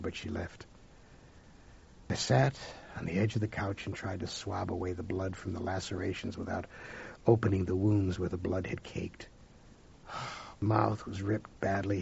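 A man reading a first-person story aloud, with a dramatic delivery that swings between hushed whispers and loud outbursts. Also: fairly low pitch, gravelly, slightly rough. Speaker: audiobook narrator. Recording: dull lo-fi recording.

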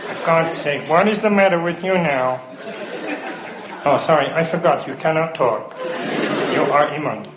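A man's voice: a little high, unhurried, pauses often, natural voice. Man doing a robot voiced stiff professor, prim and cranky, muffled live set, crowd roaring. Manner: stiff, over-formal phrasing. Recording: muffled live club recording. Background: loud laughing crowd.

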